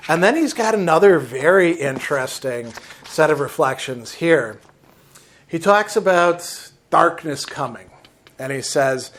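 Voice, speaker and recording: A man's voice: fairly high pitch, lively intonation, unhurried, fairly bright tone. Man lecturing on a classic text. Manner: reads quotes aloud, then comments with "right?". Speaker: philosophy lecturer. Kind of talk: lecture reading and explaining a text.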